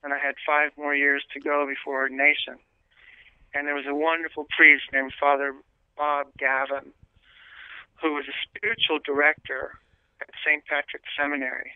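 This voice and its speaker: A man, a priest, earnestly telling his life story as an interview guest, pausing often with fillers and restarts. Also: fairly high pitch, level tone, clean tone, no echo. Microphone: telephone. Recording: tinny dry phone line.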